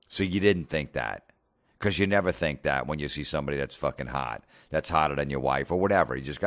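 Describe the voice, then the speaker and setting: Very deep-voiced sarcastic man ranting. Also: fast, a bit bright, dry recording, clean studio sound. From New Jersey. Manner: sarcastic, mocking, swears constantly. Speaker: comedian podcast host. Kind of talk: profane comedic rant.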